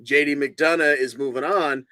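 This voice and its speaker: A man co-hosting over a video call, with a bright, forward voice recorded close and dry. He recaps matches casually, rambling through them with fillers. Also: fairly high pitch, moderate pace, no room sound. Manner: relaxed, rambling play-by-play with fillers. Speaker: podcast co-host.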